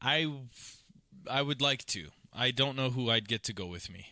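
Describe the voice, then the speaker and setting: A man's voice: mid-range voice, lively intonation, moderate pace, bright, forceful tone, no echo. A man co-hosting a podcast, adding short wry quips and questions in casual chat. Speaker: podcast co-host.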